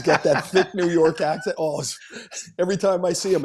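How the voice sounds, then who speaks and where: A man's voice: on the high side, a little fast, a little mellow, a little hiss or hum. A middle-aged man, a former player, co-hosting a casual sports podcast and telling stories in a blunt, joking way. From Canada. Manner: blunt, storytelling, laughing asides.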